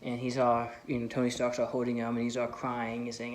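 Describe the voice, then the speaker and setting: A man talking through film theories in a loose, unscripted vlog. He rambles, circling back with "like" and "you know" as he thinks aloud. He sounds like an eager fan at an ordinary middle pitch. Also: completely flat delivery, fairly quick, a little hiss or hum. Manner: enthusiastic fan. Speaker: film vlogger. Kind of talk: casual movie commentary.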